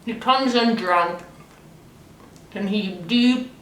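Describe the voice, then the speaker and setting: Marshmallow-mouthed young woman, slow and echoey. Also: mid-range voice, a little hiss or hum. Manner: blunt, swears freely, rambling. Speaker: host. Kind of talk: casual episode recap. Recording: echoey room, distant mic.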